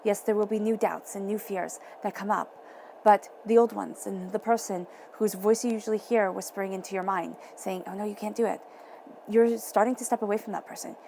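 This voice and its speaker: A woman giving a tarot reading, speaking in a soft, encouraging way and repeating phrases for emphasis. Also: mid-range voice, steady tone, fairly quick, creaky, slight background noise. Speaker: tarot reader.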